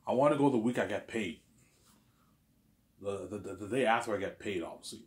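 A man's voice: on the low side, a little fast. A man telling a story in a casual, rambling monologue, repeating himself and asking "you know what I'm saying?". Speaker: vlogger.

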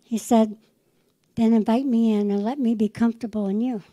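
Fervent woman preacher, high mellow voice. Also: fairly even intonation, moderate pace, no room sound, rough recording. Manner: fervent, quotes the Lord in dialogue. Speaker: pastor. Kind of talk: sermon.

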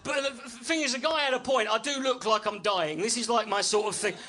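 A man's voice: extremely high pitch, brisk, pushed and bright, a little hiss or hum. A man doing a stand-up routine on a club stage, brash, sweary and self-mocking. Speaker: stand-up comedian. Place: comedy club stage with audience.

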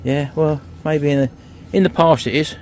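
A man's voice: a little high, steady tone, normal speed, crowd noise. A man in his fifties from England, joking and teasing in casual chat while shopping. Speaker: vlogger.

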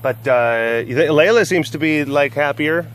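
Filming outdoors at the animal enclosures of a big cat sanctuary, a male vlogger chats casually and playfully, cooing baby talk at the cats and narrating for the camera. His voice is fairly high and fairly bright, his pace moderate, with a little hiss or hum in the recording.

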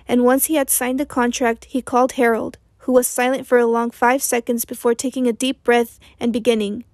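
A woman narrating an audiobook in a steady, measured reading. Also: on the high side, no echo, studio quality. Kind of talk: scripted narration.

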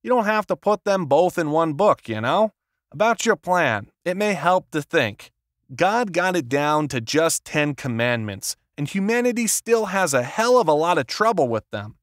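A man voicing a gruff, sardonic middle-aged literary agent who talks in a brusque, clipped, sarcastic way, read as an audiobook character. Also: on the high side, big pitch swings, normal speed, dry recording, clean studio sound, voice pushed up.

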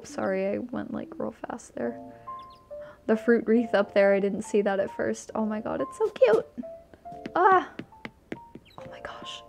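A woman's voice: a little high, a little mellow. A woman giving casual, gushing commentary while she tours a game island, easily delighted and chatty. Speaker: streamer touring a game island.

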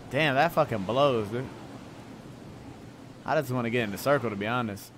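A young man streaming a game, talking in excitable slang, swearing and calling everyone bro. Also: medium pitch, normal speed. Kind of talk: live gameplay commentary. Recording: noisy with clicking keys.

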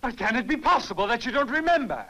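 An actor in a dubbed film playing a distraught young man who pleads and accuses and breaks into anguished shouts. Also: very high-pitched, sing-song, fast talker, exaggerated voice, low-quality recording. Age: young adult. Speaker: young man confronting a professor.

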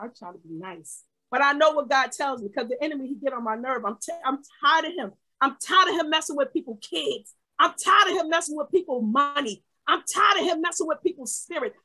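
A woman's voice: sits high, low-quality recording. Fiery woman pastor preaching in bursts. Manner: fervent preaching, swings from shouting to quiet asides. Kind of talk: sermon.

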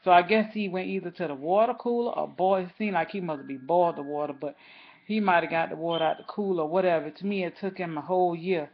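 A woman's voice: on the low side, quick pace, a little hiss or hum. Chatty woman vlogger, lo-fi audio. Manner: chatty, rambling, talks straight to viewers. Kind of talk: casual storytelling vlog.

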